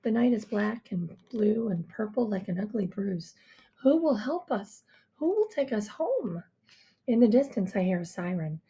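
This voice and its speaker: A woman reading a first-person story in a hushed, intimate way. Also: medium pitch, big pitch swings, measured pace. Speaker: audiobook reader.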